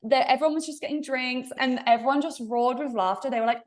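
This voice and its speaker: Lively English woman telling stories. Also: high voice, fast, hardly any pauses. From England. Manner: animated storytelling, laughs often. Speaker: podcast guest. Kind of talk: casual conversational interview.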